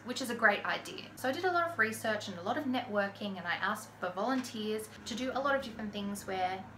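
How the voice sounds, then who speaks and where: An Australian woman vlogger chats casually through a personal story in a medium-pitched voice, dropping in lots of "like" fillers. The room is echoey and the background noisy, with a lawn mower faintly audible outside.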